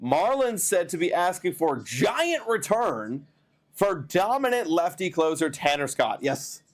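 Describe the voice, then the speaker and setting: A man hosting a live baseball stream, chatting to viewers and reading trade news in a rambling, excitable way while tired. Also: high voice, unhurried. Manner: excitable, rambling, talks to chat. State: tired, yawning. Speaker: baseball livestream host.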